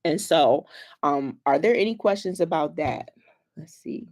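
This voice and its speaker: A woman's voice: sits low, moderate pace. A young woman school counselor, chatting casually with families, telling playful stories and laughing often. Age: young adult. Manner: animated storyteller, laughs often, playful slang. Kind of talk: casual livestream chat with families.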